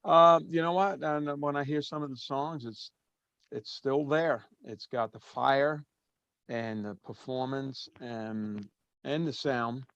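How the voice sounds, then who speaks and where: A man's voice: mid-range voice, takes it slowly, a bit bright, clean tone, dry recording. An easygoing man chatting as a guest, his talk loose and full of fillers. The sound is dry with little room behind it. It is also a bit muffled, as from a remote call. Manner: easygoing, rambling with many fillers. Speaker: drummer guest. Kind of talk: casual interview talk.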